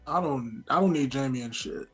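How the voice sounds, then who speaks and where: A man's voice: medium pitch, normal speed, over music. A man co-hosting a casual podcast chat, blunt and dismissive, heavy on slang. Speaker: podcast co-host.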